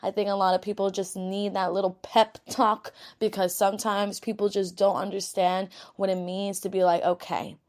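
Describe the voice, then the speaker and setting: A woman's voice: mid-range voice, little pitch movement, normal speed, hardly any pauses, darkish tone. A young woman with a New York accent hosts her own podcast. She talks in a candid, rambling way and swears freely. She sounds tired after a full day of work. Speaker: podcast host. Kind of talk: casual self-help pep talk.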